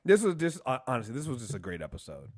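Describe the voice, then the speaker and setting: A man co-hosting a casual TV review podcast, animated, acting out scenes and laughing often. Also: medium pitch, very fast. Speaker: podcast co-host.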